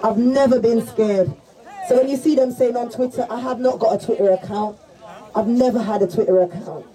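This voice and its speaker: A woman giving a rousing rally speech, shouting and leading call-and-response chants. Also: fairly high pitch, a little fast, poor audio. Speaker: rally speaker. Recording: crowd noise behind the speaker. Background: crowd.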